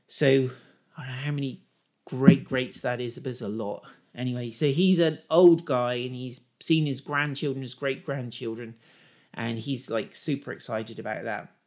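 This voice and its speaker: A preacher giving a sermon and reading scripture, chatty with humorous asides and building to excited emphasis. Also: male voice, mid-range voice, moderate pace. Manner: enthusiastic, rising to excited emphasis.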